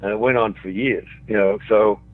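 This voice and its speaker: This older Australian guest has a lowish, steady voice and speaks at normal speed. He recounts anecdotes and keeps chuckling at his own tales, heard through a tinny phone connection.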